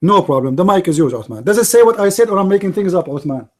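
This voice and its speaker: Man, high-pitched, debate host, emphatic, repetitive. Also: expressive, quick pace. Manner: emphatic, repeats points to viewers. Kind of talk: heated live debate.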